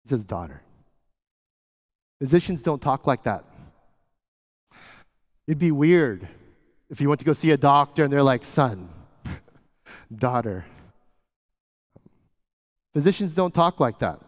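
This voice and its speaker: A man preaching a sermon as pastor, talking casually and often dropping to a soft, hushed voice. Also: a little high, animated, a little slow, long pauses. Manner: conversational, often drops to a soft hush. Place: church sanctuary. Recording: church hall with long reverb.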